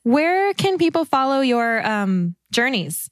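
A woman's voice: sits high, sing-song, takes it slowly, no room sound, studio quality. A woman hosting a podcast, chatting casually and giggling often. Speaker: podcast host. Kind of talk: casual chat.

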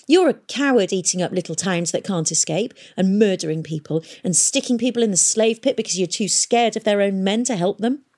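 A woman reading a storybook aloud and voicing an earnest, frightened young man with high, pleading speech. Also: sing-song, fairly quick, darkish tone. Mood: indignant. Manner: high-pitched, pleading outbursts.

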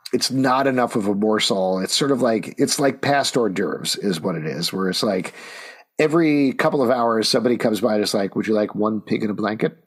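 A man co-hosting a podcast in casual chat, talking in an animated, jokey, rambling way. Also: lowish voice, slightly rough. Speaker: podcast co-host reviewing comics.

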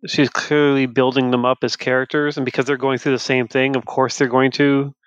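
A man's voice: mid-range voice, level tone, brisk, clean tone, dry recording. A man in casual conversation about a book, thoughtful and repeating words as he searches for phrasing. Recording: slightly dull, dry sound.

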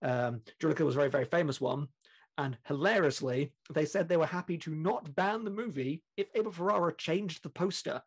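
A British man with a somewhat high-pitched voice talks casually on a film podcast. He rambles, piles on fillers and laughs as he goes. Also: a little fast, husky. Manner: chatty, rambling, laughs often, many fillers. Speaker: podcast co-host.

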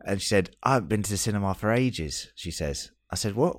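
Deep-voiced guy on a podcast, dry close mic, swears a lot, jokey chat. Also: animated, brisk, no echo. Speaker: podcast co-host.

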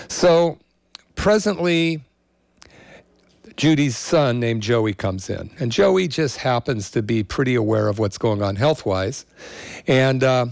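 A man's voice: mid-range voice, creaky, no room sound, studio quality. A middle-aged man hosting a health show, telling a story in a rambling, casual way with many fillers.

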